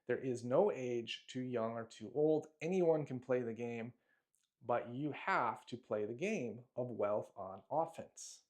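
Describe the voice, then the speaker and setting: A man's voice: medium pitch, unhurried. A man reading aloud from his own money booklet in a motivational style, emphatic and declamatory, with short punchy phrases and the odd off-script aside. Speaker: self-help speaker.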